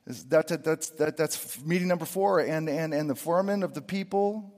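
A middle-aged man preaching a sermon, lively and expressive, swinging from loud emphatic lines to hushed asides. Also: a little high, normal speed, in a large hall. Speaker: pastor.

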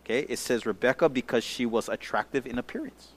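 With a mid-range voice at a quick pace, a pastor gives a casual Bible-study sermon, using slang and often checking in with his listeners, sometimes dropping to a hushed near-whisper. There's slight background noise.

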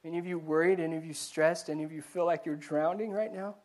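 A man giving a conversational sermon to a live congregation, animated and questioning the audience, often stumbling and repeating words. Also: a little high, fast talker. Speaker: pastor. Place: church before a live congregation.

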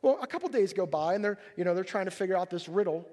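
A male pastor tells the story with animated, joking energy and slips into voices for each character. His voice sits high. It carries a long echo through a large hall. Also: quick pace. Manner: animated storytelling, acts out characters, jokey asides. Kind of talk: sermon.

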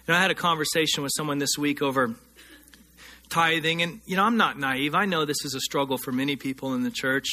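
A man preaching a sermon, earnest, slowing down and rising in pitch to stress scripture passages. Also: sharp tone. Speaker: pastor.

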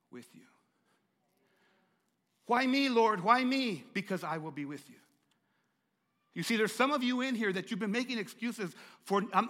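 A middle-aged man preaches a sermon with a stutter, repeating words as he pushes through them. His voice sits high and bright, dropping to near-whispers and rising to loud, emphatic calls. A long reverb from a large church hall trails each phrase. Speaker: pastor.

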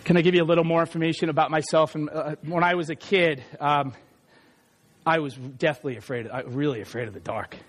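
A man's voice: a little high, steady tone, fairly quick. A man in his thirties preaching a sermon in a chatty, self-deprecating way with many asides.

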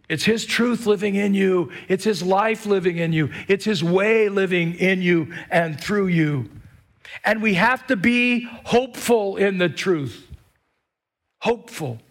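A man preaching a sermon, emphatic, repeating key phrases and joking with the congregation. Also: high-pitched. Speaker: pastor.

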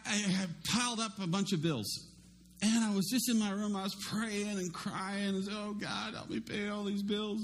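A middle-aged male pastor preaching a sermon in a conversational, self-deprecating way, with lively swings in his voice. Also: sits high, a little hiss or hum.

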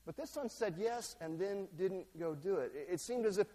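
A man with a high voice preaches a relaxed, conversational sermon and slips into acted voices for quoted lines. He is recorded in a church sanctuary, and his words ring on in a long reverb. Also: normal speed. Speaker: pastor.

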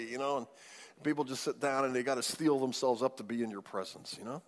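A man preaching a sermon as pastor, emphatic, swinging widely in loudness and pace. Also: mid-range voice, lively intonation, quick pace. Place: church sanctuary. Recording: long hall reverb.

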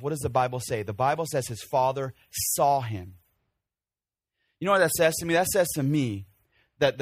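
Lively man preaching a sermon. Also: on the high side, no room sound. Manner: animated, acts out scenes with shouts. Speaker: pastor.

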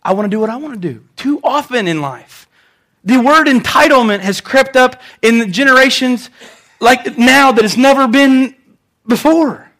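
A man's voice: very high-pitched, moderate pace, a bit bright. A young man, a pastor, preaching a conversational sermon in church and telling stories with animation.

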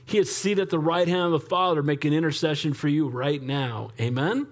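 A male pastor preaching a sermon in a lively, conversational way, often asking the congregation for an amen. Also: on the high side, brisk.

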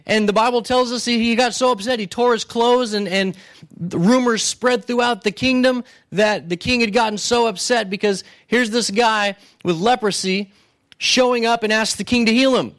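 A man's voice: sits high, moderate pace, a bit bright. A male pastor preaching a sermon in a conversational way, retelling scripture stories and often checking in with the congregation. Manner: conversational, keeps checking in with "right?"; retells stories with restarts and acted asides.

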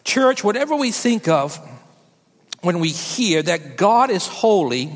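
A woman pastor delivering a sermon to her church, with slow, emphatic preaching and repetition for effect. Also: fairly low pitch, very animated, long reverb tail.

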